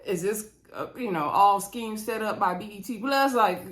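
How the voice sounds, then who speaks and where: A woman's voice: mid-range voice, animated, moderate pace, a bit bright. Chatty woman recapping reality TV. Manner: chatty, laughs often, acts out quotes. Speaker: recap vlogger. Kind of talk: casual reality-show recap.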